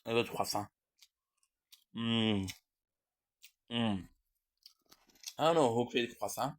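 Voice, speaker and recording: A man of ordinary pitch rambles casually on a live stream, cracking jokes and trailing off into fillers. He talks between bites and lets out pleased murmurs while he eats. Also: takes it slowly. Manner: joking and rambling, with many fillers and food sounds.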